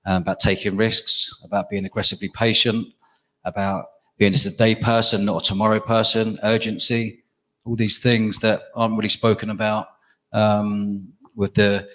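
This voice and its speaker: Flat-voiced businessman on a panel. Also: lowish voice, moderate pace, poor audio. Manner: emphatic, repeats key phrases. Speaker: entrepreneur. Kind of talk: panel discussion answers.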